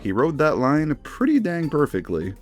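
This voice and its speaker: A man's voice: a little high, normal speed, music in the background. A man hosting a video essay, narrating in a casual, enthusiastic way. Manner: enthusiastic, animated.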